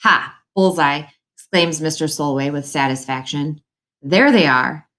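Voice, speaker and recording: A woman narrates a novel aloud in the first person, telling the story in an earnest, quick way. Her voice sits a little low for a woman. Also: fairly bright tone. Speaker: audiobook narrator.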